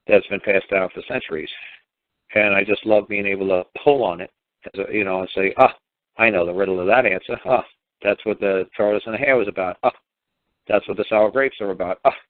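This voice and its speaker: Deep-voiced rambling man on a phone line. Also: no room sound. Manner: rambling, repetitive, with many fillers and restarts. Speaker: talk show host. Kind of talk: rambling casual monologue.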